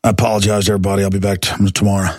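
A middle-aged man hosting a radio talk show, delivering an angry rant, shouting and pushing his voice up when worked up. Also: little pitch movement, rapid-fire. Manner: shouting and ranting, voice climbing high when angry.

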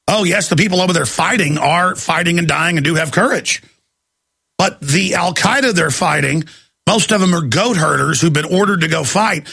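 A man hosting a talk radio show, ranting angrily, often shouting at his listeners. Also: high-pitched, vocal fry, breathy edge. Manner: angry, shouting, accusatory. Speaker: radio host.

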